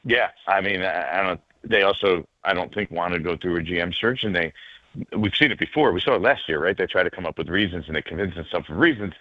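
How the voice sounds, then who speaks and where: A man's voice: deep voice, fast talker, no room sound. A man speaking as a sports reporter guest on a radio show, joking and hesitant with lots of fillers, over a remote line. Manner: hesitant, ribbing, filler-heavy. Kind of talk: casual radio interview. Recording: dull dry remote line.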